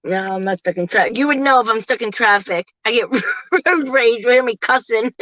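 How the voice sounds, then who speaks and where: A woman in her forties chats casually from her parked car, laughing often. Her voice is bright and a bit high, and the sound is dry and a little dull, like a phone recording. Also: normal speed, no room sound. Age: 40s. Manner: chatty, laughs often, animated when quoting. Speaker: livestream host. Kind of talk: casual chat to viewers.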